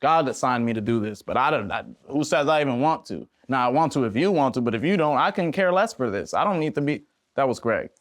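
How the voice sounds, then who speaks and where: A man's voice: medium pitch, fast talker, no room sound. Young man, casual storytelling, slangy, acts out voices, dry close sound. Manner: animated, slangy, acts out voices in his stories. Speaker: podcast guest, independent musician.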